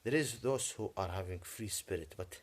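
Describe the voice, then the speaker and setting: A man vlogs in a low voice, rambling agitatedly in English, which isn't his native Arabic. The monologue is full of halts and throat-clearing.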